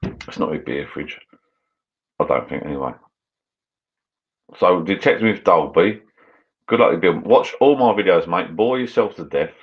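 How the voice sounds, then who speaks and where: A man's voice: low voice, expressive, moderate pace, long pauses, highs cut off. A British man hosting a casual live stream, chatting loosely and reading viewer comments aloud as he drinks. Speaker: channel host.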